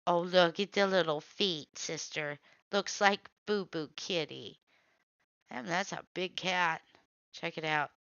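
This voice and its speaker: A woman hosting a casual show, giving blunt running commentary and waving off what she doesn't like. Her voice is bright, smooth and crisp, and she speaks unhurriedly. The sound is dry and a little dull, like a simple home setup. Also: fairly low pitch, no room sound. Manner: blunt, reactive, quick to say nope. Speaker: host. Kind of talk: casual running commentary while scrolling videos.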